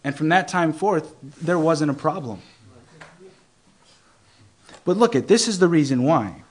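A young man giving an informal Bible teaching, earnest and conversational, often restarting phrases and slowing down to stress scripture. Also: a little high, lively intonation, breathy edge. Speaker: preacher.

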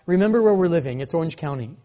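A man in his forties preaching a sermon, telling a story in an animated, humorous way. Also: fairly high pitch, very fast. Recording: long reverb of a large hall.

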